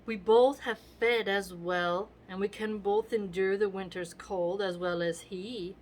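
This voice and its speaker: A woman reading aloud as a scheming, envious Roman nobleman, in a measured recitation. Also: medium pitch, fairly even intonation, darkish tone, natural voice, poor audio. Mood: resentful.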